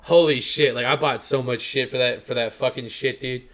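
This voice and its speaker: A man's voice: medium pitch, steady tone, normal speed, a bit bright. A tipsy man co-hosting a podcast in casual chat, rambling, swearing and saying "like" constantly. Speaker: podcast co-host.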